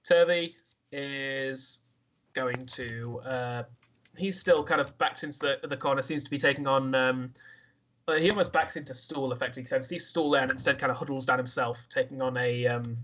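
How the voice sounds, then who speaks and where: A man narrating a tabletop game as game master, describing the action in a halting way. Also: mid-range voice, steady tone, fairly bright tone, highs cut off.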